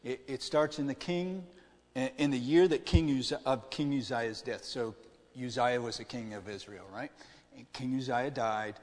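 A man's voice: medium pitch, moderate pace. A man delivers a sermon in an easy, conversational way, often turning to his listeners with questions. His voice sits in an ordinary middle range. A long reverb trails each phrase, as if he is speaking in a large church hall. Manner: conversational preaching, asks the audience questions. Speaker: pastor.

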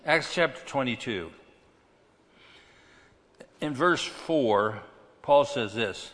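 A man preaching a sermon as pastor, swinging between loud emphasis and quiet asides. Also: medium pitch, animated, slow pace, long pauses, long reverb tail.

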